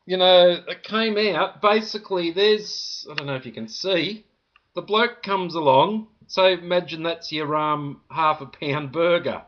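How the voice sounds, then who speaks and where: An Australian man with a fairly high voice vents to camera in a rambling, indignant complaint, padding his talk with "you know." The sound is dull and lo-fi, like an old home video. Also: unhurried. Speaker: vlogger.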